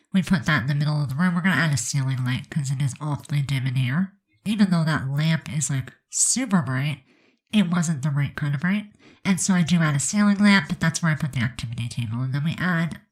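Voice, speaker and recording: Over poor audio, a woman whose voice sits low and sounds congested talks through a game build. Her commentary is chatty and rambling, packed with fillers.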